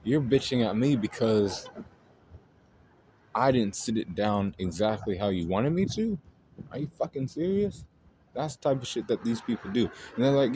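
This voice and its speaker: A man's voice: mid-range voice, lively intonation, normal speed, darkish tone. Blunt, profane man venting over background noise. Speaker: astrology video host. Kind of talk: casual ranting monologue. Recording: noisy home recording.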